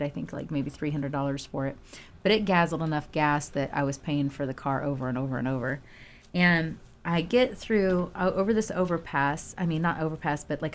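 A middle-aged woman with a lower voice tells a story from her past in a relaxed chat. She gets animated and laughs easily as she talks. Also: a little hiss or hum. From Houston, Texas.

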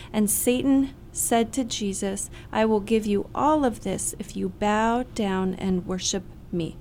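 A woman with a Canadian accent, a Bible study participant, retelling a scripture passage in her own words, steady and earnest. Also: medium pitch, a little hiss or hum.

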